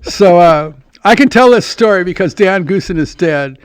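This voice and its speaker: A man's voice: high-pitched, lively intonation, normal speed, smooth, no room sound. A man telling a long story in casual chat, rambling and restarting as he acts out both sides of a conversation.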